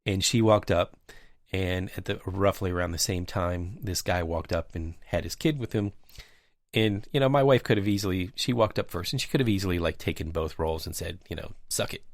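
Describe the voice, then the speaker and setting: A man's voice: sits low, a little fast, no room sound. A man hosting a podcast, telling a rambling anecdote in casual chat with many fillers. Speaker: podcast host. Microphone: remote call mic.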